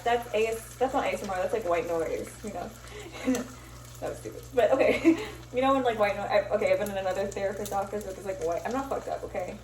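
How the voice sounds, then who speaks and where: A woman's voice: medium pitch, a little mellow, slight background noise. A young woman from Miami chatting casually while she cooks, rambling, swearing freely and laughing often as she cuts herself off. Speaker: vlogger. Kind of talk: casual chat while cooking. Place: kitchen, cooking bacon. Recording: echoey kitchen, sizzling pan, distant camera.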